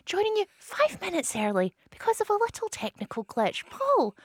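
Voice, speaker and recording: A woman's voice: very high-pitched, huge pitch swings, normal speed, no room sound. A woman hosting a late-night radio show from a studio, bantering playfully with her co-host. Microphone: studio microphone.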